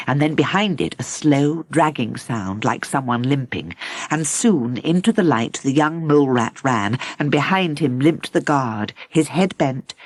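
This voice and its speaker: A woman narrating a children's audiobook in an expressive storybook manner. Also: sits low, no echo. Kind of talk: scripted narration.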